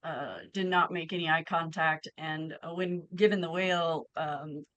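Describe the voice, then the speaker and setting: A woman playing a tabletop game, narrating her character slowly with many pauses. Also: low-pitched, fairly even intonation, a bit bright, dry recording. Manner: slow, hesitant, many pauses. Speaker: player. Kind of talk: tabletop role-play narration.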